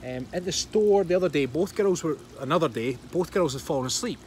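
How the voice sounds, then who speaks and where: A Scottish man in his thirties chats casually to his livestream viewers, laughing often and replying to their comments. His voice sits a little high, and he talks into a phone held at arm's length outdoors by a pool. Faint outdoor noise runs behind him. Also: animated, fairly quick, darkish tone. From Scotland. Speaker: livestream host.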